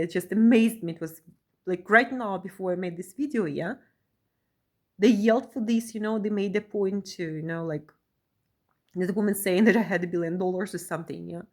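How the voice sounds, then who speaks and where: A woman talking to camera in an emotional vlog monologue, tagging her phrases with a questioning "yeah?" and swinging between pressing outbursts and quiet, low stretches. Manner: keeps adding a questioning "yeah?" after phrases. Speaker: vlogger.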